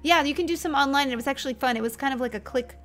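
A woman in her thirties chatting casually while streaming a game, excitable and easily startled. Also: high-pitched, very fast, faint music behind. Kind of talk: casual gameplay chat.

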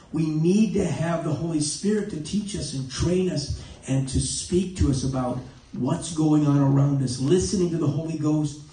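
A man's voice: fairly high pitch, dark tone. A man preaching an evening church sermon, breaking in with "amen" and often stopping to correct himself. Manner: punctuates with amen, halting with self-corrections. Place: church sanctuary. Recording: very echoey church, mic far off.

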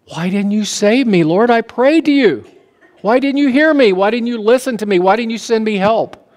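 A man's voice: high voice, lively intonation, normal speed, a little mellow, in a large hall, pitched above the performer's own voice. A man acting out a stubborn man in a flood parable, later pleading with God. He takes on a raised, insistent voice.

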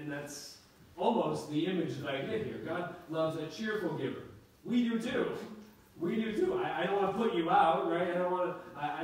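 Conversational pastor preaching in an echoey sanctuary. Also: male voice, fairly high pitch, slight background noise. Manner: conversational preaching with frequent restarts. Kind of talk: sermon. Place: church sanctuary. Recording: echoey hall from far off.

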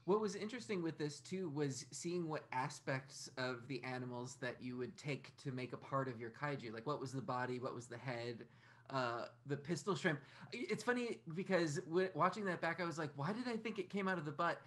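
A woman talking as a guest in a casual streamed chat, playful and quick to laugh. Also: rumbling low, animated.

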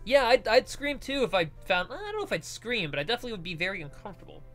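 A man's voice: high-pitched, very animated, very fast, fairly bright tone, faint music behind. A young man reading a visual novel aloud and wandering into joking, rambling tangents. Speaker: let's play reader and commentator.

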